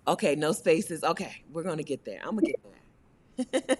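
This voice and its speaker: A woman's voice: sits low, animated, normal speed, a little mellow, slightly rough. Chatty woman hosting a live stream. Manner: chatty, bubbly and encouraging. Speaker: host. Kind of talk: casual live-stream interview. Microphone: video call.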